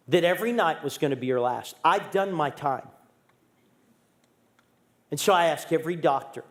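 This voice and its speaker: A middle-aged man preaching in a church, telling a personal story with humor and candor. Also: a little high. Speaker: guest pastor. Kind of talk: storytelling sermon.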